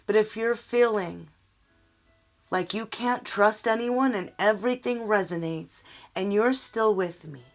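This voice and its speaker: A woman giving a tarot reading, speaking earnestly and emotionally straight to the viewer. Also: mid-range voice. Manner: slow, emotional, earnest, addressing the viewer directly. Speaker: tarot reader.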